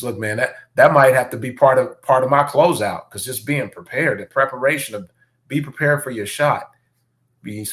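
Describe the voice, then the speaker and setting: A man co-hosting a podcast in casual chat, laid-back and quick to agree emphatically. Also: medium pitch, fairly bright tone. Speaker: podcast co-host.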